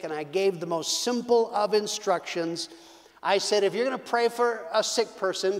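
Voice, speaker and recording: A man preaching a sermon as pastor, fervent and emphatic. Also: a little high. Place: church sanctuary. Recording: long hall reverb.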